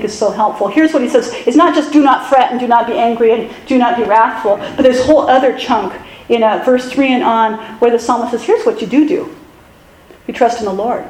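Lady pastor chatting through a sermon, high pitched, echoey room with faint hum behind. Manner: conversational, self-deprecating, animated asides.

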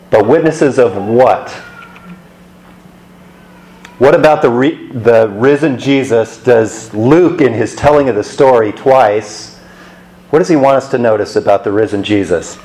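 A man's voice: medium pitch, unhurried, pauses often, a little mellow, rough recording. A man preaching a sermon in a conversational way, asking rhetorical questions.

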